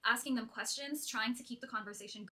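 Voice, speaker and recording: Bright-voiced chatty young woman. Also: a little high, fast. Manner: chatty, filler-heavy with "like". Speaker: content creator in a clip. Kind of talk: casual explaining to camera.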